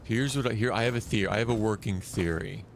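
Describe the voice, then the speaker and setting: A man streaming a survival shooter live, talking loosely and excitedly as he plays, often restarting his sentences. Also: on the low side, fast talker, creaky, slight background noise. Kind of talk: live gameplay commentary.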